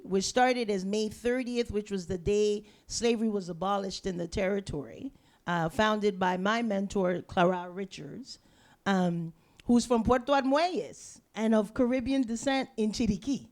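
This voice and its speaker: A woman's voice: mid-range voice, darkish tone. A woman from Panama speaking as a panelist in an emphatic, passionate way, repeating and restarting phrases.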